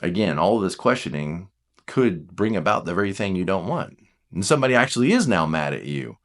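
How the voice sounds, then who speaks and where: A man talks casually about personality types as a coach, his lowish voice swinging widely in pitch. He jumps into playful mock voices of his listeners, then slows and goes quiet to stress a point. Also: very animated. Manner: drops to slow, quiet emphasis on key points. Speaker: Enneagram coach. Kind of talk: casual talk to camera.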